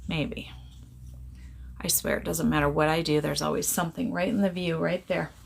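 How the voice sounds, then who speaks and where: A woman's voice: sits low, fairly even intonation, moderate pace, gravelly, slight background noise. A middle-aged woman talks into her phone on a casual live stream, greeting viewers one by one and rambling about small things. Her delivery is loose, chatty and playfully silly.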